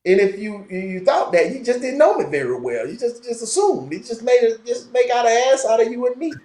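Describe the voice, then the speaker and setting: A man's voice: very high voice, brisk, roomy sound. A man with a Southern Florida twang talking emphatically in a casual conversation, repeating himself for effect. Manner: animated, emphatic, repetitive. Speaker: podcast guest.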